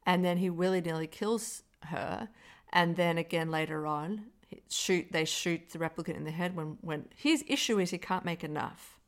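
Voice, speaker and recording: Woman co-host, casual film chat, animated, swears a lot, stumbles and restarts. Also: lowish voice, moderate pace. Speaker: podcast co-host.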